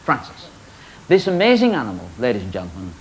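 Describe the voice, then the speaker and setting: This is a fast-talking man with a mid-range voice, hosting a magic show and joking with the audience in animated, teasing patter. The recording is low in quality, with studio laughter and noise in the background.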